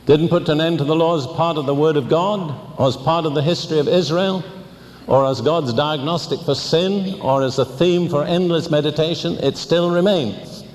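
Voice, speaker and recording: An older man preaching a sermon, teaching deliberately and asking pointed questions. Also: a little high, a little mellow, in a large hall.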